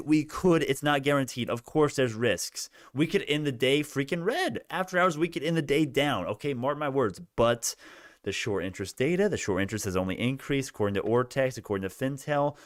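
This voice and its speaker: A young man giving animated live commentary on stock prices, laughing and repeating himself, his voice worn out. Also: mid-range voice, no echo, clean studio sound. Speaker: stock market streamer. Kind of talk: excited live market commentary.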